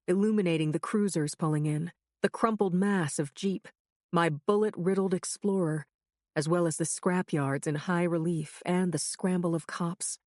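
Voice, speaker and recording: A woman's voice: lowish voice, darkish tone, dry recording, clean studio sound. A woman narrating a crime thriller audiobook in the first person with a tense, urgent reading.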